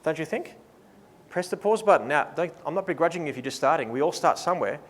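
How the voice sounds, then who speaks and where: A man leading a live workshop, playful and lively, acting out what his listeners think. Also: fairly high pitch, fast. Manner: lively, playful, acts out clients' thoughts. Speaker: workshop presenter. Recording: reverberant hall sound.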